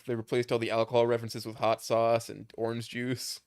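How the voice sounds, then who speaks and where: A man's voice: mid-range voice, completely flat delivery, brisk, clean tone, no room sound, clean studio sound. A young man reading a game aloud on a live stream, joking and swearing as he chats with viewers.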